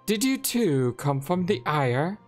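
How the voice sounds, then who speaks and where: A kindly female healer and paladin teacher speaks in gentle, old-fashioned phrases, put on by a woman reading game dialogue. Her voice rises and falls a lot. Faint music plays underneath. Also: low voice, very animated, slow, pitched above the performer's own voice, exaggerated voice.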